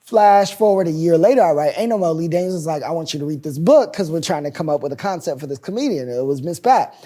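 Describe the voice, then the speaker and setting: Speaking fast, a young American man in his twenties, a playwright and showrunner, shares his story during a relaxed interview. His lively, expressive telling has him voicing quoted people loudly, leaping much higher in pitch and volume for their lines.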